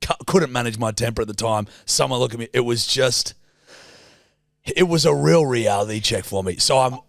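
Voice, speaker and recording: A man's voice: medium pitch, normal speed, gravelly, no room sound, studio quality. A man co-hosting a podcast, telling stories in casual banter, swearing and joking a lot. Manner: swearing, jokey, lively storyteller. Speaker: podcast co-host.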